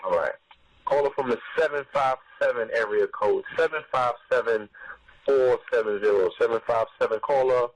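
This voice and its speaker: Male radio host, mid-pitched voice, measured, businesslike. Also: poor audio. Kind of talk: call-in radio hosting.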